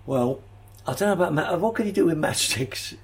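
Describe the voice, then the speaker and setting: A man's voice: on the high side, animated, fairly quick. Guy doing doddery old london footballer, fake posh voice, keeps tripping over his words, dry. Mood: deadpan. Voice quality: slightly put-on posh voice. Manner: hesitant, repeats words, dry understatement. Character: elderly male retired London footballer, bumbling. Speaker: guest. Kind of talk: improvised comic character interview.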